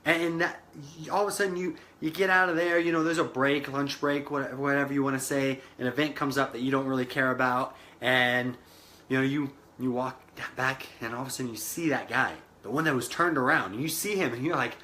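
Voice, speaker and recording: Bright-voiced animated network marketing coach, a man. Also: medium pitch, brisk, slight background noise. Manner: animated storyteller, acts out quoted voices. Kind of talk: motivational vlog talk.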